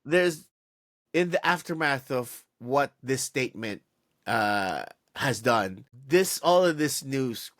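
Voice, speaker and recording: A man co-hosting a casual sports podcast, ranting in an animated, exasperated way with lots of restarts. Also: medium pitch, slow pace, dry recording, clean studio sound. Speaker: podcast co-host.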